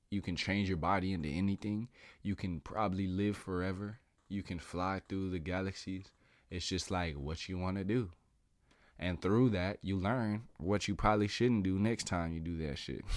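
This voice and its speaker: A man with a deep, low voice holds forth in a loose, drawn-out monologue. He is slangy and profane and laughs along the way. The sound is dry and close, with no room around it. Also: no echo. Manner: drawn-out, musing delivery. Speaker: podcast host. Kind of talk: casual philosophical monologue.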